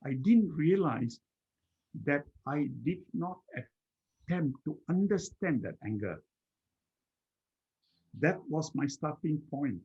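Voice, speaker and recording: Man, husky voice, reflective personal storyteller, halting restarts, muffled lo-fi recording. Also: fairly high pitch, expressive. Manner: slow, repetitive, with many restarts. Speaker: guest speaker.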